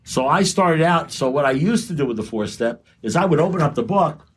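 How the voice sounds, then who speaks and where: A man's voice: a little high, lively intonation, fairly quick, husky. A man speaking at a recovery meeting, blunt and profane, talking straight to the audience with frequent restarts. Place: meeting room.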